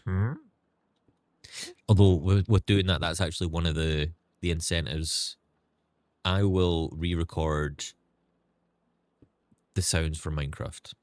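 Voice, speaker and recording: Young Scottish male streamer, very low voice, softened accent, candid rambling chat. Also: fairly even intonation, takes it slowly, long pauses. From Scotland. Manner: candid and rambling, with frequent restarts and swearing. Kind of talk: casual livestream chat.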